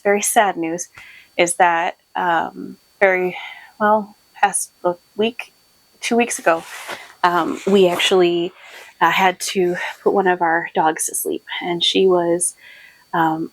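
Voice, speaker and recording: A woman's voice: mid-range voice, dry recording, rough recording. A woman hosting her own podcast, chatting casually and rambling a little, short on sleep. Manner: chatty and rambling, with many fillers and laughs. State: sleep-deprived. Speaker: podcast host and shop owner. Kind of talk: casual chat to camera.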